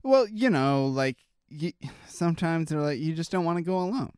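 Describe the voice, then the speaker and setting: Chatty man with a smooth, bright voice. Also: a little high, big pitch swings, normal speed, no echo, studio quality. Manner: rambling, chatty, trails off and restarts with fillers. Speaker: podcast co-host. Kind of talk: casual chat reacting to news stories.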